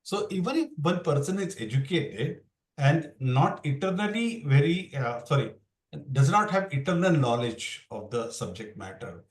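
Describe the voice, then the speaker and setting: A man's voice: fairly high pitch, sing-song, moderate pace. A man teaching a Bhagavad Gita class in a loose, rambling way, often restarting his sentences. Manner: rambling, restarts, mixes English with Hindi. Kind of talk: explaining scripture in a casual class. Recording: roomy sound, far from the mic.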